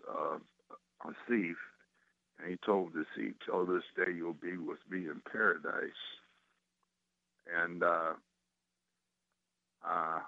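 Deep-voiced male caller, tinny phone line, halting and unsure. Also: creaky, no echo. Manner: hesitant, many fillers and restarts. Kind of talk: phone-in question.

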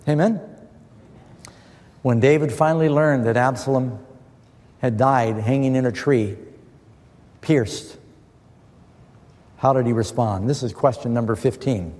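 A man's voice: medium pitch, unhurried, long pauses, a little mellow. A middle-aged male preacher giving a sermon as a Bible study, posing questions and answering them with scripture in an earnest, emphatic way. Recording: long reverb of a large hall.

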